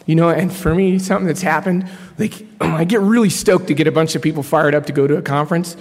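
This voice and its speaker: A man in his thirties speaks from a podium in a large hall, telling his personal story in a loose, slangy, animated way. His voice sits a little high for a man, and a long reverb trails each phrase. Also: fast talker. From Colorado. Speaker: speaker sharing his story at a recovery meeting. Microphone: podium mic.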